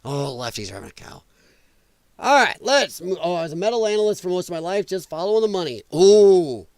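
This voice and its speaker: A man's voice: high-pitched, very animated, fast, no room sound. A middle-aged man hosting a casual political livestream from his home basement, blunt and rambling, his voice cracking and strained. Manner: blunt, rambling, greets chat viewers by name. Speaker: livestream host.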